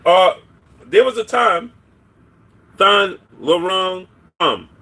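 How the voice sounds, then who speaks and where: A man's voice: high voice, expressive, extremely slow, sharp tone. A man hosting a casual livestream, giving opinions on boxing in a rambling way and greeting viewers by name. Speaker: boxing commentary livestream host.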